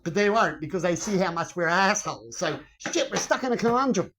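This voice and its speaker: A man putting on a brash crooked male cop who mocks and swears while planning a drug bust, his pitch raised above his usual voice. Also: big pitch swings, fairly quick, a bit bright, slight background noise. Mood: mocking. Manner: mocking, swearing, sarcastic.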